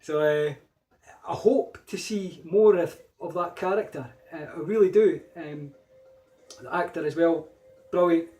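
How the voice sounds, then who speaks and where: A man's voice: on the high side, a little slow, warm tone, rough recording. A man with a Scottish accent talking casually in a rambling solo vlog, full of fillers and restarts. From Scotland. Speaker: vlogger.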